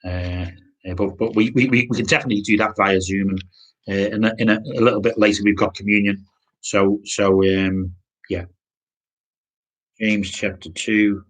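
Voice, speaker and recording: A man giving an informal sermon, halting with many restarts and repeated words. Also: lowish voice, fairly even intonation. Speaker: pastor.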